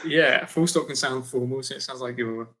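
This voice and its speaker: Bright-voiced young man, agreeable. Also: mid-range voice, normal speed. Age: young adult. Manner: agreeable, frequent backchannel yeahs. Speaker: podcast co-host. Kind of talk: casual chat.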